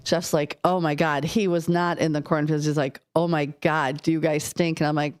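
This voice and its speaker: A woman's voice: sits low, fairly quick. A woman co-hosting a local radio show, telling a story in casual banter and acting out the quotes. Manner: lively storyteller, acts out quotes. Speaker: radio co-host. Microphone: studio microphone.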